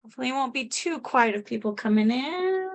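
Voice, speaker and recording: A woman's voice: high voice, animated, fairly quick. A woman hosting an online meeting in a casual, friendly way. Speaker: meeting host. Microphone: video call.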